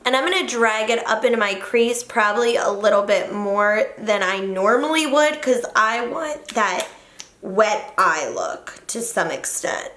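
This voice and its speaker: A woman's voice: a little high, expressive, a little slow, a bit bright. A young woman talking through a makeup tutorial in a chatty, joking way, correcting her own slips as she goes. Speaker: beauty vlogger. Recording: roomy echo.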